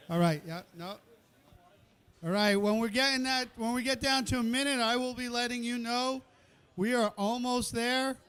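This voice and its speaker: In an indoor cooking event kitchen, a male event host runs a live competition, counting down, bantering with the chefs and audience, and urging the crowd on. He speaks with an extremely high pitch and a somewhat bright, clean tone.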